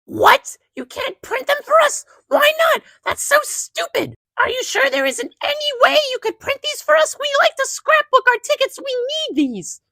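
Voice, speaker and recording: Shrill demanding mom. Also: female voice, very animated, moderate pace, gravelly, hardly any pauses, pushed and bright, no room sound, heavily acted. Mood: indignant. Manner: shrill, whiny complaining. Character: indignant demanding middle-aged mother.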